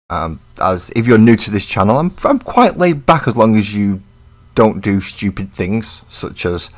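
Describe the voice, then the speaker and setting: A man chatting casually on a live stream while he paints miniatures, laid-back and rambling, and blunt with trolls. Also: on the low side.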